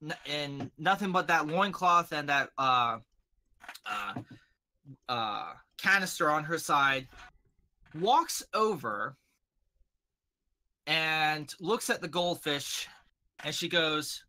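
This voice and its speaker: A man narrating as game master of a tabletop game, lively and animated, putting on voices for his characters. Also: fairly high pitch, slow pace, long pauses.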